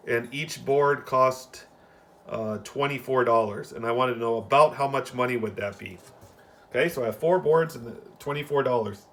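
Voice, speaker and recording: A man's voice: mid-range voice, a bit bright. Patient male teacher giving class instructions. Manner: patient, plain, with fillers and restarts. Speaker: elementary school teacher. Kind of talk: recorded remote class instructions.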